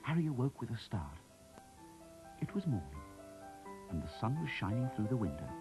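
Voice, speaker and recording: A man telling a children's bedtime story, gentle and expressive, his mid-range voice rising and falling very freely. Music plays softly underneath. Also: fairly low pitch, normal speed, low-quality recording. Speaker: narrator. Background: soft music.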